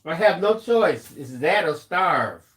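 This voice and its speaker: A man's voice: on the high side, very animated, slow, a bit bright. A man co-hosting a livestream, reading viewer comments aloud and teasing the host in dry banter.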